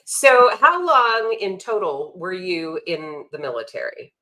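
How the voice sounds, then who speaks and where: Woman interviewer, lowish voice that jumps around a lot, laughs easy. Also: big pitch swings, unhurried, poor audio. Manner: warm, laughs often, asks open questions. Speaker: interview host. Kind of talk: casual interview.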